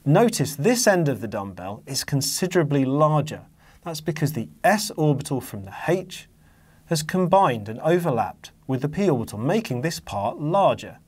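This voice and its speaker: A man's voice: a little high, very animated, moderate pace, a little mellow, husky. A man teaching an exam-focused chemistry lesson, patiently walking through diagrams and leaning hard on key words.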